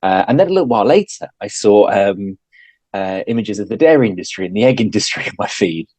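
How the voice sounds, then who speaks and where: A man's voice: fairly low pitch, lively intonation, quick pace, a little mellow, no room sound, poor audio. A man, a podcast guest telling his story in casual talk, hesitant with many fillers and restarts. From England.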